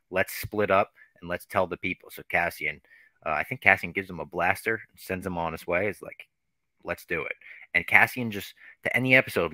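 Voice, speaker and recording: A man's voice: low-pitched, pushed and bright, no echo. A man co-hosting a podcast, recapping scenes in a laid-back casual chat. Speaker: podcast co-host.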